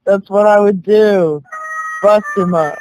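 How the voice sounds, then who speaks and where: A woman's voice: mid-range voice, slow, noisy background. A young woman co-hosting a podcast, answering with feisty, stubborn comebacks. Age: young adult. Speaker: podcast co-host. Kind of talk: casual chat.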